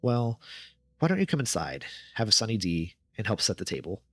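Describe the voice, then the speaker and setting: A man voicing a worried mother of young children in a put-on British accent, gently coaxing. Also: fairly low pitch, big pitch swings, a little fast, no room sound. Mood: concerned.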